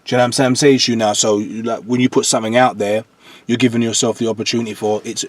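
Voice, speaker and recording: Animated MC with a dry close sound. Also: male voice, mid-range voice, very fast, dry recording. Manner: animated storyteller, keeps checking "do you understand". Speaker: guest, jungle MC. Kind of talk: podcast interview.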